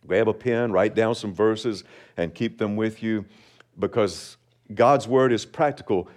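A man preaching a sermon as pastor, measured and deliberate, slowing down on key phrases and leading the congregation in reading along. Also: fairly low pitch, a little mellow. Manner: leads congregation in responsive reading.

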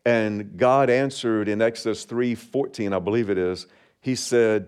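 A man preaching a sermon as pastor, measured and deliberate, slowing down on key phrases and leading the congregation in reading along. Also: on the low side, steady tone, a little mellow, clear, resonant tone. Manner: leads congregation in responsive reading.

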